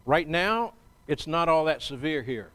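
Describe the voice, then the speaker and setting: A male pastor delivering a sermon, his voice sitting a little higher than most men's. He talks in a measured, conversational way, often pausing to gather his next thought. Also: animated, sharp tone. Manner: measured, conversational preaching with frequent pauses. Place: church.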